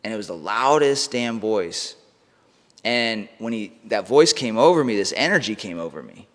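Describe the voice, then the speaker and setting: A man from the United States, a mindset coach on a podcast, shares a personal story casually with plenty of swearing and lots of "bro" and "like." He has a lowish, fairly bright voice with lively intonation at normal speed, recorded with long room reverb.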